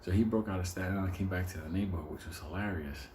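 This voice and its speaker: A man tells a rambling, laugh-filled story, swearing freely as he goes. His voice sits low and dark, with a relaxed, mellow tone and a faint hiss of noise behind. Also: racing. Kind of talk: casual anecdote.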